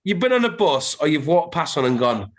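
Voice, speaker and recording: Bloke hosting a podcast, jokey, slightly high voice, lots of uhs. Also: male voice, very animated, fairly quick. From Lancashire, England. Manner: chatty, jokey, many fillers and restarts. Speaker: podcast host. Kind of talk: casual chat.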